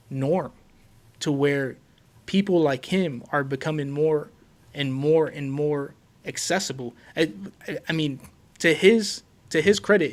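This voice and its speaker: Man, from Puerto Rico, sports podcast host, casual chat, excitable, repeats words, fairly high voice.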